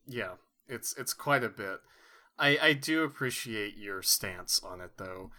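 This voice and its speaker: A man co-hosting a casual comedy podcast with a lower voice that still rings bright and sharp. He rambles in a mock-sincere, earnest way. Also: lively intonation, a little slow. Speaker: podcast co-host.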